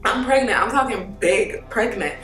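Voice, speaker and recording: A woman's voice: fairly high pitch, normal speed, distant mic. Brief: young woman, casual storyteller, slangy, laughs a lot, echoey room, music bed. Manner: animated storyteller, laughs often. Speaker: host. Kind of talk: casual chat. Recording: roomy sound with music behind.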